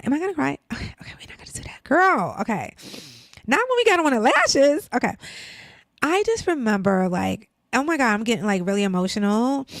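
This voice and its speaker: Gravelly, chatty woman in her fifties. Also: fairly high pitch, no room sound. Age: 50s. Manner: chatty, emotional, heavy use of "like" and "girl". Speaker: podcast host. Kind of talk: casual chat.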